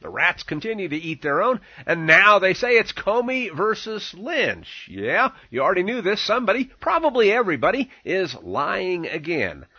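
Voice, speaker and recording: A man delivers sarcastic political commentary in a mocking, theatrical way. His voice is high, bright and husky, and it leaps around in pitch. The recording is dry and dull. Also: big pitch swings, normal speed, hardly any pauses, no room sound. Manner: mocking, theatrical, swinging emphasis.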